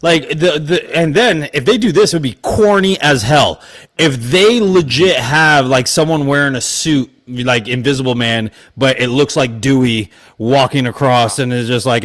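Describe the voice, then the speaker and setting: A man co-hosting a casual podcast chat, excitable and swearing casually. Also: medium pitch, normal speed. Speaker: podcast co-host. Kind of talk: casual horror movie chat.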